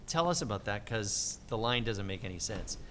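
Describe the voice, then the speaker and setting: Animated middle-aged male voice actor. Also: normal speed, in a large hall, slight background noise. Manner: animated, lively pitch swings, acts out quotes. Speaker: voice actor guest. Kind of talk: convention interview storytelling.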